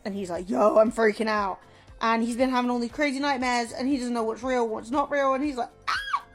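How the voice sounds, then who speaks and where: Chatty woman streamer with a higher voice. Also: quick pace, over music. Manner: chatty, rambling, lots of "like" fillers, playful. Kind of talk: casual chat and rambling storytelling.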